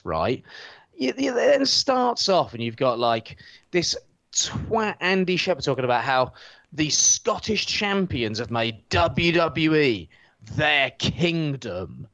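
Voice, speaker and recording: A man's voice: a little high, slow pace, gravelly, no echo. A man, ranting sarcastically and swearing on a casual podcast from his sofa at home. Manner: sarcastic, swearing, animated mocking rants. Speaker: podcast co-host.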